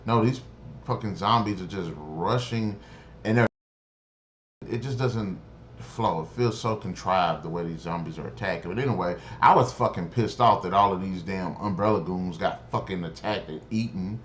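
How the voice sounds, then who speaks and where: A man's voice: deep voice, moderate pace, a bit bright, slight background noise. A man giving a casual spoken review of a TV episode, rambling, swearing freely and sounding exasperated. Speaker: show reviewer.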